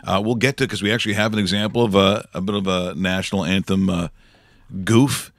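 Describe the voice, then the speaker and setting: A man's voice: low-pitched, fairly even intonation, fairly quick, a bit bright, no echo. A man hosting a casual studio morning show, rambling enthusiastically with many restarts. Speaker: show host.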